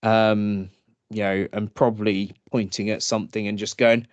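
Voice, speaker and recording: A man co-hosting a casual podcast, telling stories slowly and laughing often. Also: lowish voice, flat delivery, no echo. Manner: slow, laughing storytelling with acted drunk voices. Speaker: podcast co-host. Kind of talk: casual chat.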